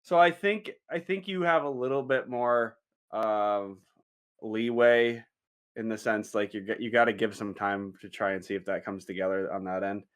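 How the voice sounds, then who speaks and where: A man's voice: lowish voice, fairly even intonation, normal speed, clear, resonant tone. A man co-hosting a casual sports podcast, rambling through his points and swearing casually. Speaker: podcast co-host.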